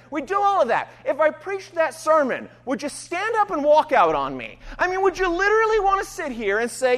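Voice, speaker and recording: Male pastor, casual sermon delivery, high, bouncy pitch, reverberant sanctuary. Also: fairly bright tone. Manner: conversational, self-deprecating, keeps asking "right?". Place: church sanctuary.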